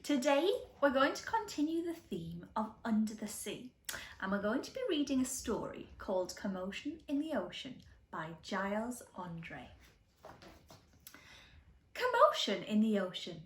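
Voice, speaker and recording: Preschool teacher, woman, animated storytime reader, slow and expressive, echoey room. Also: mid-range voice. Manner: animated, gasps and asks children questions. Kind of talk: reading a picture book to young children.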